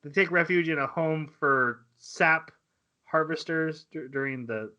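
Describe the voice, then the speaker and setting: Bright-voiced man recapping an anime. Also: on the high side, lo-fi sound. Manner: excited recapping with quick acted-out quotes. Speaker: podcast host. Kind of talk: casual anime podcast chat.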